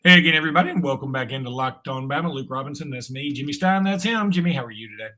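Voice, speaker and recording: A podcast co-host chats casually about sports, rambling with frequent restarts and filler words. His medium-pitched voice is animated, very fast, pushed and bright, with soft music playing behind him.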